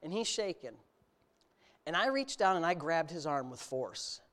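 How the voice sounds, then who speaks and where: A middle-aged male preacher who tells a personal story in an easy, conversational way before building into bold, forceful exhortation. His voice sits at an ordinary pitch for a man and climbs to loud, emphatic peaks as he drives his points home. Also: sing-song, measured pace. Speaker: pastor. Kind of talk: sermon.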